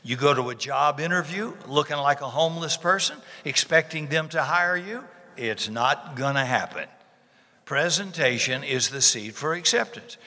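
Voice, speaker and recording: A man preaches in a bright, forceful voice with folksy emphasis, hammering repeated words for effect. His tone sits a little high for a man. The sound carries the long reverb of a church sanctuary. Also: lively intonation, moderate pace. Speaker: pastor. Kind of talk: sermon.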